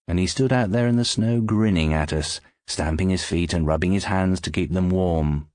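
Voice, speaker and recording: A man narrating an audiobook in scripted, expressive storytelling, close to the mic. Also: deep voice, normal speed, few pauses, dry recording.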